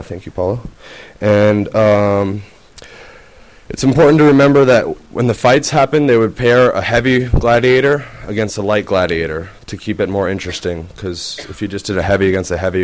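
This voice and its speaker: A man's voice: lowish voice, moderate pace. A man presenting to a class, hesitant and full of fillers. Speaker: student presenter.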